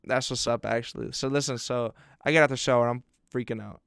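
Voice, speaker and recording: A young man co-hosting a podcast, telling an animated, profane story in casual chat and laughing along as he goes. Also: medium pitch, quick pace, vocal fry, smooth. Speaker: podcast co-host.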